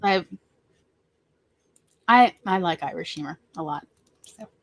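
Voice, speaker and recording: A woman's voice: fairly low pitch, expressive, takes it slowly, dry recording. Chatty Southern woman host. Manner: chatty, rambling, laughs often. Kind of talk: casual chat on a livestream.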